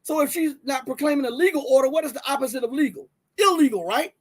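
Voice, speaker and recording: A man's voice: very high voice, quick pace. A man with a Southern US accent hosting a casual livestream, talking straight to viewers and reading from his screen with many restarts. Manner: animated, talks to viewers directly, many restarts and fillers. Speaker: livestream host.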